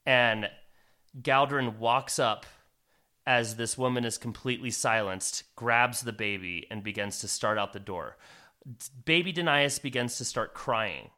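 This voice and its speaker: A man's voice: medium pitch, animated, bright, forceful tone. A man narrating a tabletop fantasy game as game master, dramatic with some fillers. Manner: dramatic, with fillers and slow emphatic phrases.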